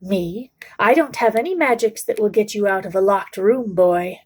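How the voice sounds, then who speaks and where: A woman voicing a brisk, impatient young witch's ghost. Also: medium pitch, a little mellow, husky, close to an everyday voice.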